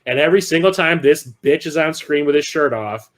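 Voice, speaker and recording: A man with a high, lively voice that leaps around as he co-hosts a casual podcast. He tells funny stories, acts out the lines of the people in them, and breaks into laughter often. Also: a little fast. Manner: animated storyteller, acts out quotes, laughs often. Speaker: podcast co-host. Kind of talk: casual chat.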